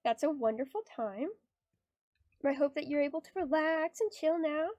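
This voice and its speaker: A woman's voice: sits high, normal speed, dark tone, dry recording, highs cut off. A young woman streaming her art at home, chatting casually in a bubbly, giggly way and reading her chat aloud. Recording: dry close sound with faint background music.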